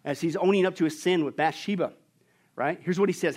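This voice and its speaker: A male pastor preaching a sermon, animated and full of jokes, who asks the congregation questions and answers them himself. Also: on the high side, fairly quick.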